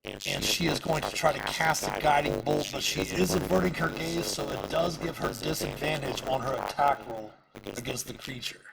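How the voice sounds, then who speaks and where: Gravelly man, game master, casual rules talk, crowd chatter behind. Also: on the high side, sing-song, normal speed, low-quality recording. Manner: casual, filler-heavy rules narration. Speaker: dungeon master. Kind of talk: narrating a tabletop game.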